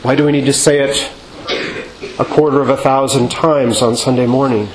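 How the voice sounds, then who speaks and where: A male priest giving a measured sermon in a church, asking rhetorical questions and singing out quoted refrains. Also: medium pitch, fairly even intonation, a crowd in the background. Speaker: Orthodox priest. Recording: echoey church with faint ambience.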